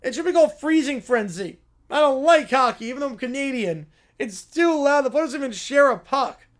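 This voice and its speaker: A man's voice: very high-pitched, animated, brisk, pitched above the performer's own voice. A man voicing a whining, sulky preschool boy who complains about everything. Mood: whiny. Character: whiny crying little preschool boy.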